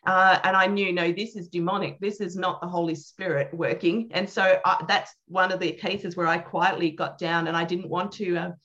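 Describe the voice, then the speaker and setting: A woman's voice: on the low side, normal speed, few pauses, muffled recording. Earnest woman telling a prayer testimony. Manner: earnest, animated storyteller, acts out quoted dialogue. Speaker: guest, prayer minister. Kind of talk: telling a personal ministry testimony.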